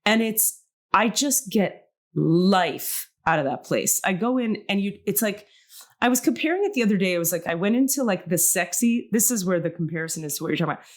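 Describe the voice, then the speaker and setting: A middle-aged woman hosting a podcast, chatting casually. She gushes with feeling and speaks in quick bursts that break off and restart. Her voice sits at an ordinary middle pitch. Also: lively intonation. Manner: emotional, gushing, talks in quick bursts with restarts. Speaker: podcast host. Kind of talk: casual chat.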